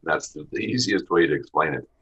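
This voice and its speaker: A man's voice: very deep voice, lively intonation, fairly quick, fairly bright tone, husky. A man from Western Canada with a Canadian accent, a podcast guest talking about hunting in a plainspoken way. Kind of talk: casual interview talk. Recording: dull lo-fi audio.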